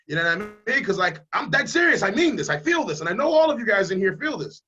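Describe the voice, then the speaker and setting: A man's voice: high voice, big pitch swings, quick pace, sharp tone, dull audio. A man running for Congress who speaks emphatically and bluntly in a casual interview over a video call. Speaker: congressional candidate.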